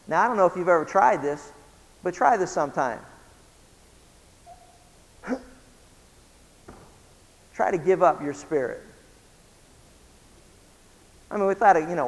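A man preaching a sermon as pastor, swinging between loud emphasis and hushed lines and asking his listeners questions. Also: fairly high pitch, big-room sound, rough recording. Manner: asks listeners questions, chuckles now and then.

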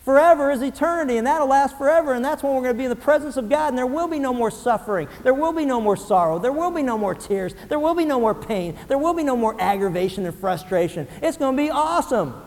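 High-voiced preaching man in a reverberant hall. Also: fast talker, hardly any pauses. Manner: animated preaching, swings from hushed to shouting. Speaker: pastor. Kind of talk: sermon.

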